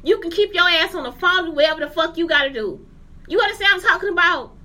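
Very high, sharp-voiced angry woman ranting. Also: animated, fast. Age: 40s. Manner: profane, heated, keeps asking listeners if they understand. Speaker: teacher. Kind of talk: angry rant to camera.

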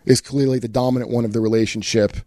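A man talking in a loose, rambling way, with many restarts and swearing. His voice sits at an ordinary middle pitch and sounds dry and close, with little room around it. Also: steady tone, quick pace, dark tone, no echo. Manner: rambling, profane, with many restarts and acted quotes. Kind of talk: casual podcast chat.

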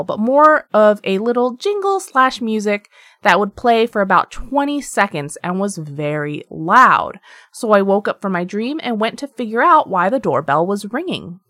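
A woman's voice: medium pitch, no echo. A woman co-hosting a podcast, reading listener stories aloud. Her voice swoops up and down with plenty of life, and she breaks off for chatty asides. The sound is close and dry. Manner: lively, laughs often, chatty asides while reading. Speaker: podcast co-host.

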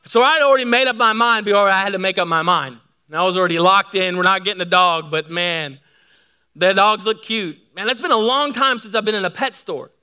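Bright, high-voiced male pastor. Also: a little fast, clean tone. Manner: lively storytelling to a congregation. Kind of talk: sermon.

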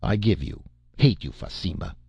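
A man's voice: low voice, very animated, normal speed, vocal fry, darkish tone, breathy edge, dry recording, lo-fi sound, exaggerated voice. A man reading the lines of a brutal barbarian slave master, who speaks in clipped, broken phrases. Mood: threatening. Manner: clipped broken speech, threatening.

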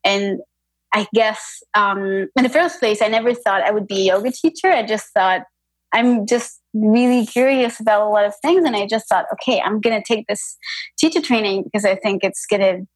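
A woman's voice: medium pitch, moderate pace, slightly rough, no room sound, poor audio. Woman with a mixed French-Spanish accent. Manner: thoughtful, hesitant, many restarts. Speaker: podcast guest, yoga teacher. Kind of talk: casual conversational interview.

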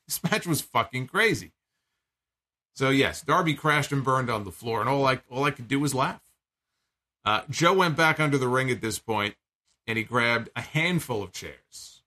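A man casually recapping a wrestling match, animated and a bit profane, with fillers and restarts. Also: mid-range voice. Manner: animated, profane, incredulous storytelling. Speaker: wrestling show reviewer.

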